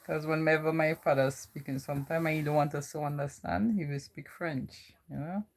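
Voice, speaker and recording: Here a Virgin Islands vlogger, a young woman with that island accent, talks casually and wanders off on tangents, saying "you know" again and again. Her deep voice keeps a fairly even intonation at normal speed.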